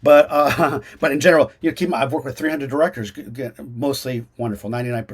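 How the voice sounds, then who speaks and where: Actor-teacher type, middle pitch, lively and restless, lots of restarts, casual video-call answers. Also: male voice, quick pace, slightly rough. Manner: animated, many restarts and fillers.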